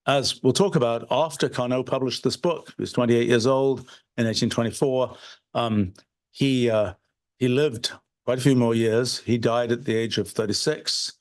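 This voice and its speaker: A man giving an unscripted livestream lecture, thinking aloud with frequent restarts and fillers. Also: medium pitch. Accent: British. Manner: halting, many restarts and fillers. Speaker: presenter of a livestreamed talk.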